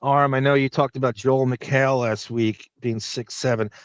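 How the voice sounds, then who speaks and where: A man co-hosting a podcast in casual chat, riffing and mocking with quick asides. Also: medium pitch, fairly even intonation, clear, resonant tone, no room sound, dull audio. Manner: riffing, mocking, jumps into impressions. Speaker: podcast co-host.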